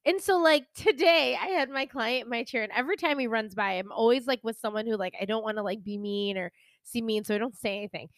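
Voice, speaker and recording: A woman's voice: a little high, fast, no echo. A young adult woman co-hosting a podcast, telling a funny story in casual chat with many fillers. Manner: animated storytelling, lots of "like". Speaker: podcast co-host. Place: hairdresser, talks of her salon.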